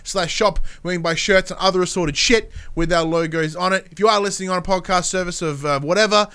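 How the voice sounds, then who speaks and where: A young man co-hosting a casual podcast chat, talking with high energy and enthusiasm. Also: fast, sharp tone, smooth. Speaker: podcast co-host.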